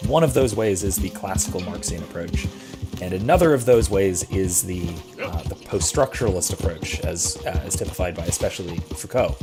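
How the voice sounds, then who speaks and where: A man's voice: deep voice, lively intonation, fairly quick, music in the background. A man who is a philosophy professor, chatting casually and hesitantly while playing a game. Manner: rambling, hesitant, thoughtful. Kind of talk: casual chat while gaming.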